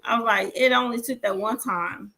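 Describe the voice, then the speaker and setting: A woman's voice: a little high, normal speed, heavy background noise. A woman in her forties, a podcast co-host, telling stories animatedly and swearing freely as she acts out the dialogue. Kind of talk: casual storytelling chat.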